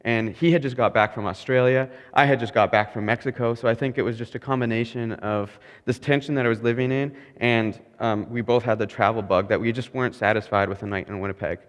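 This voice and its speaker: A man's voice: mid-range voice, steady tone, a little fast, few pauses. A young man preaching a sermon, telling a personal story in a candid, self-mocking way and laughing at himself as he goes. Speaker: pastor. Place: church sanctuary. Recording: long hall reverb.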